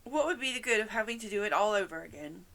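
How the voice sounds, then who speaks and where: A woman's voice: mid-range voice, lively intonation, fast, creaky, fairly bright tone, low-quality recording. A woman reading aloud and voicing a scatterbrained, fussy old queen who frets and wails dramatically. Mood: smug. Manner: fluttery and fretful, breaking into wailing cries.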